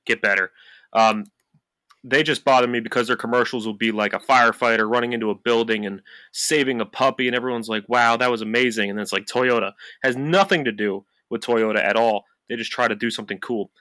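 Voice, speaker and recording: A man's voice: medium pitch, fairly quick, pushed and bright, dry recording. A man co-hosting a football podcast, talking in a loose, upbeat way with plenty of fillers. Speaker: podcast co-host. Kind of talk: casual chat.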